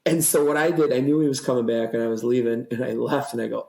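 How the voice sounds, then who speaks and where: A man's voice: medium pitch, fairly even intonation, fast talker, vocal fry, few pauses, a little mellow, roomy sound, rough recording. A man in his thirties, a podcast guest in a rambling, laughing casual chat.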